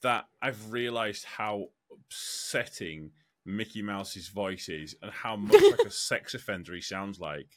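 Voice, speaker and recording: A man's voice: lowish voice, a little slow, a bit bright, dry recording, clean studio sound. A man co-hosting a podcast, blunt and sweary, teasing the others. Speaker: podcast co-host. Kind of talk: casual chat.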